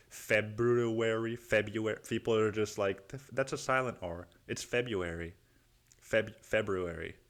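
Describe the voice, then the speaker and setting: A young man with a low-pitched voice talks through a casual solo podcast monologue. He rambles, swears freely and mocks himself as he goes. He keeps calling the listener "dude" and "man". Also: a bit bright. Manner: rambling, profane, self-mocking, says "dude" and "man" a lot. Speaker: podcast host.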